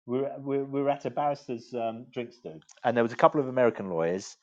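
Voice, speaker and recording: An English man in his fifties tells stories as a podcast guest, animated and digressive, often restarting his sentences. His voice sits at a middling pitch. The recording is dull and lo-fi. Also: fast talker. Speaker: law firm managing partner, guest. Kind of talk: anecdotal storytelling in conversation. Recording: dull lo-fi sound.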